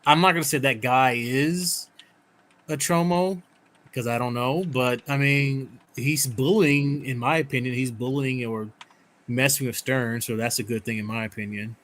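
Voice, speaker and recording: A man's voice: mid-range voice, moderate pace, fairly bright tone, slight background noise. A man co-hosting a casual call-in show, talking loosely and joking, often breaking into laughter. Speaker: co-host.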